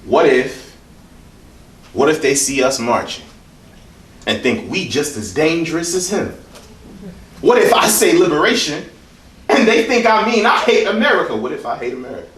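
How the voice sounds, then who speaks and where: A man delivers spoken word poetry on stage, pitched slightly high for a man, hammering out rhythmic, repeated questions that swell and drop in force. The voice reaches the mic from a distance and rings through a reverberant hotel event room. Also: very animated, normal speed, pauses often. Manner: rhythmic, incantatory repeated questions with sharp swings in loudness. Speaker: featured poet. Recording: echoey room, voice from far off.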